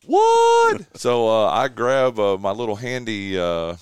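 A man's voice: lowish voice, unhurried, clear, resonant tone, dry recording. A man hosting a radio show from his home studio, telling stories casually with many fillers and restarts, recovering from bronchitis. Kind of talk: casual chat.

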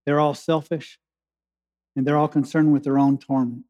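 A man preaching a sermon as a pastor, with slow emphatic pauses that build to urgency. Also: on the high side, level tone, dull audio. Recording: echoey hall with long reverb.

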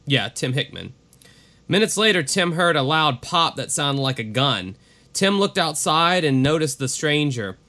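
On a casual true-crime podcast, this male co-host reads through case notes, then veers into offhand, profane tangents. His voice runs on the high side, expressive and unhurried, with a bright, forceful tone.

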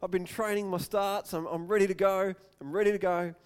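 A man preaching a sermon, telling stories and acting out quotes in loud bursts. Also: fairly even intonation, fairly quick, clean tone. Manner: storytelling, acts out quotes with sudden loud raised-pitch outbursts. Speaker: pastor. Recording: long hall reverb.

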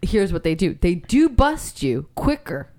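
A woman's voice: on the low side, sing-song, measured pace, dark tone. A woman in casual podcast chat, telling stories animatedly, often laughing and acting out the people she quotes.

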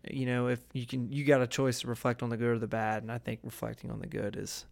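A young man talks casually on a podcast, his voice sitting at an ordinary middle pitch. He rambles earnestly, circling back and restarting his sentences as he thinks aloud. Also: level tone, fast talker, creaky. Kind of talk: casual chat.

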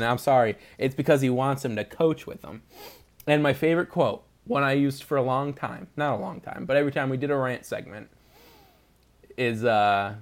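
A young man hosting a podcast, chatting casually, rambling through jokes and laughing often. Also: medium pitch. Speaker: podcast host. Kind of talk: casual chat.

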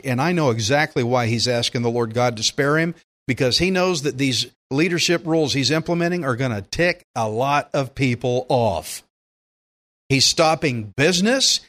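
A man's voice: a little high, moderate pace, a bit bright. An older man teaching through the Bible as a pastor, folksy and emphatic, acting out quotes as he goes.

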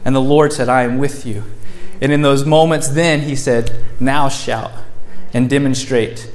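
A male pastor preaching a sermon in a church, moving between raised, emphatic lines and soft, gentle ones. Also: mid-range voice, fairly even intonation, unhurried. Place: church sanctuary.

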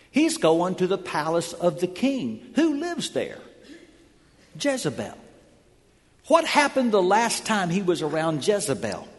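A man's voice: a little high, in a large hall. A man preaching a sermon, telling the story with dramatic energy in a church sanctuary. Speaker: pastor.

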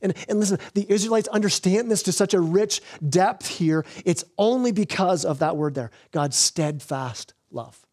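Male pastor, higher-pitched voice, earnest sermon delivery with frequent restarts. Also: darkish tone. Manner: earnest preaching with repeated restarts, slows for emphasis.

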